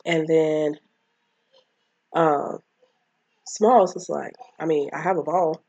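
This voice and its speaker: A woman's voice: low voice, steady tone, slow, a little mellow, husky, dry recording. A woman casually recapping a film, rambling and acting out the characters' lines. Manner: rambling, acts out quotes of characters. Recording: dull lo-fi mic.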